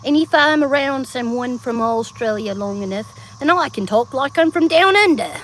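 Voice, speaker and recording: Streaming live from outdoors on her phone, a Georgia woman with a Southern drawl talks casually to viewers, laughing a lot and bursting into snatches of song. She sounds high-pitched, expressive and a bit bright at a moderate pace, with slight hiss or hum in the audio.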